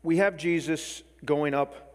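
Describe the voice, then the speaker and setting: A man's voice: a little high, unhurried, in a large hall. A man giving a sermon as a preacher, explaining in a conversational way with casual asides.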